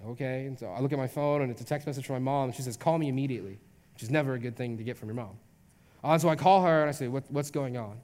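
A man's voice: mid-range voice, rapid-fire, a little mellow. A young man, a youth pastor, telling a personal story in a casual, chatty sermon full of fillers. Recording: long hall reverb.

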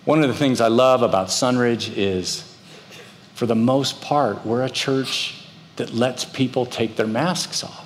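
The sermon comes from a middle-aged pastor speaking at medium pitch and a measured pace, acting out quoted voices as he tells his stories. The church hall is reverberant, and a little hiss or hum sits under the recording.

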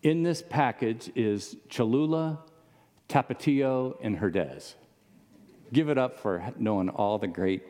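A man's voice: mid-range voice, takes it slowly, warm tone. A man preaching a casual, conversational sermon to a congregation in a church auditorium, often asking the audience questions. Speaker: pastor. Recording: long reverb of a large hall.

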